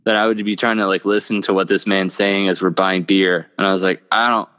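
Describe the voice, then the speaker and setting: A laid-back man with a low voice chats casually as a podcast co-host and swears freely. His voice trails off into a long reverb. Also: flat delivery, fairly quick, a bit bright, clean tone. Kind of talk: casual chat.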